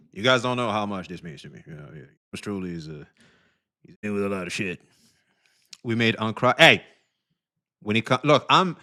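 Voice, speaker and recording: A man live-streaming, who swears a lot and keeps thanking donors in a casual, animated way. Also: fairly low pitch. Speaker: livestreamer.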